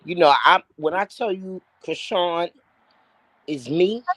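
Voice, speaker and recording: Sixties Bronx woman, raspy and deep, lively talker, joining a live chat. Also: slow, dry recording, poor audio. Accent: New York. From the Bronx, New York. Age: 60s. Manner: animated, talkative, laughs often. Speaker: live show guest.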